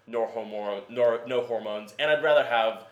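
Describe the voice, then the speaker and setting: Brief: male co-host, casual chat, mid-pitched, eager and fact-heavy, restarts a lot. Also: normal speed, highs cut off. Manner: eager, lists facts, frequent restarts. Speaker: podcast co-host.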